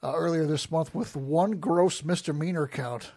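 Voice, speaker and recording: A man's voice: on the high side, normal speed, a little mellow. A man hosting a casual talk show, reading odd news stories aloud and giggling as he goes. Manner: giggles through what he reads. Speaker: host.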